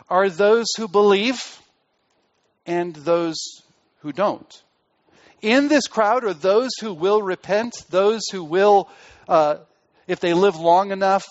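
A man preaching a sermon as pastor, pressing hard on key words and then dropping his voice low and quiet. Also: dull audio.

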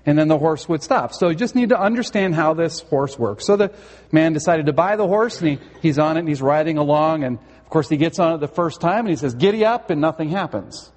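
A man's voice: fairly high pitch, expressive, brisk, darkish tone. A male pastor preaching a sermon in a church sanctuary, earnest and conversational, with a touch of storytelling humor. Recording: long hall reverb.

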